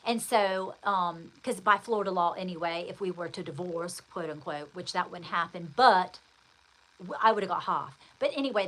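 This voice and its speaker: A woman's voice: medium pitch, pushed and bright, rough recording. A woman host telling a long personal story in casual chat, rambling and speaking straight to her listener with endearments. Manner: chatty, rambling, addresses the listener directly with endearments.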